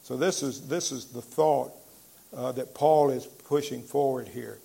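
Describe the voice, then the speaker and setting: A man preaching a sermon, emphatic at times, with frequent "uh" pauses, and slowing down to read scripture. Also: medium pitch, vocal fry, mellow, breathy edge. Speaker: pastor.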